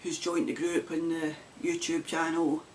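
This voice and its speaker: A woman's voice: low voice, flat delivery, unhurried, slight background noise. A woman with a broad Glasgow Scottish accent hosting a knitting podcast, chatting casually to camera with frequent laughs and rambling asides. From Scotland.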